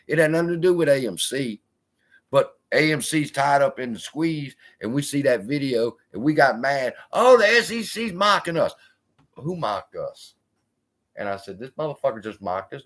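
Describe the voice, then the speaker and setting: Guy cussing his way through a live stock stream, voice bouncing up and down a lot. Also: medium pitch. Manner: profane, blunt, animated storytelling. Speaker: investing channel host.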